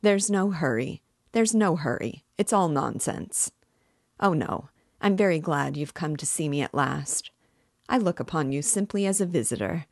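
A woman's voice: low voice, lively intonation, moderate pace, no room sound, studio quality. A woman voicing a sly, fussy, jovial middle-aged male police investigator in an audiobook reading. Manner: fussy, cajoling, laughing.

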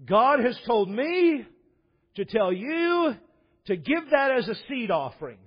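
A man voicing a flashy male TV preacher who fake-weeps and pleads dramatically in halting, drawn-out bursts. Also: extremely high pitch, big pitch swings, breathy edge, pitched above the performer's own voice, full character voice. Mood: dramatic pleading. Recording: dull echoey hall recording.

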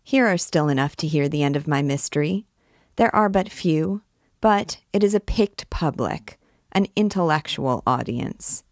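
A man's voice: on the high side, lively intonation, unhurried, dry recording, clean studio sound. A woman voicing a vain, frustrated male poet who grumbles and complains in an exasperated way. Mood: hopeful.

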